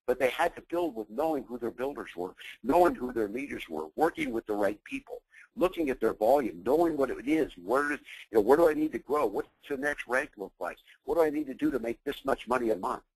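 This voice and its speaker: A business coach leads a motivational training call, intense and emphatic, hurling rhetorical questions at his listeners. His medium-pitched voice is gravelly and husky. The recording is rough, with no room sound.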